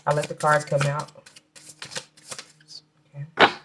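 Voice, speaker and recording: A woman giving a casual tarot reading, talking in a chatty, halting way with many restarts and fillers, and slowing down to name the cards. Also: deep voice, monotone, background noise. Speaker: tarot reader.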